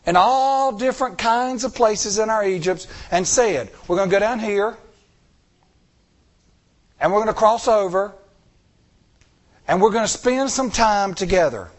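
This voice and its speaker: A man's voice: high-pitched, a little slow, pauses often. A middle-aged man preaching a sermon, telling stories with acted-out dialogue and repeating phrases for emphasis. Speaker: church elder preaching.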